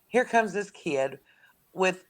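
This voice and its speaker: A woman, a guest in a casual sports chat, telling lively stories and laughing often. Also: fairly low pitch, very slow. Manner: chatty storyteller who laughs often.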